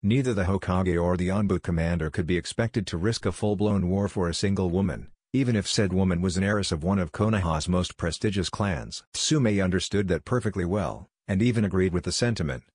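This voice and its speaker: A man reading fan fiction aloud in an even, steady way. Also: low-pitched, fairly quick, few pauses, slightly rough, no room sound, studio quality. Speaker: narrator.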